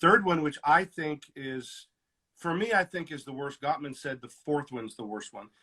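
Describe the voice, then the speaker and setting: A middle-aged counselor with a fairly high, slightly breathy voice talks at normal speed, explaining relationship patterns in a teaching conversation. He's animated, acting out the lines people say during fights and shifting his loudness for the quotes.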